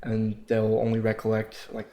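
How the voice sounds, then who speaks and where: Lowish male podcast co-host, chatty. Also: monotone, moderate pace, warm tone. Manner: chatty, lots of fillers and cursing. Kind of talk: casual podcast chat.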